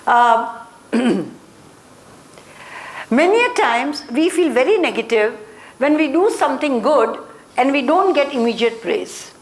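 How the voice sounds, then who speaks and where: In an echoey room, a woman with a high-pitched, very animated voice leads a motivation training class as a classroom lecture. She speaks slowly with long pauses, using short, repeated phrases and checking in with her listeners.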